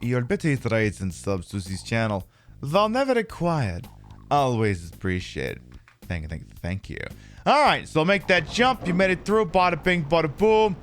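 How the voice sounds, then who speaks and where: A man's voice: fairly high pitch, very animated, normal speed, faint music behind, a faint crowd. A man live-streaming a shooter game, chatting and joking while he swears at the enemies. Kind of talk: live-streamed gameplay chat.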